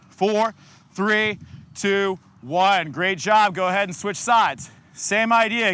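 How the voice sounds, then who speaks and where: Bright energetic male fitness coach. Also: high voice. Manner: energetic, coaching cues and countdowns. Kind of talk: follow-along workout instruction.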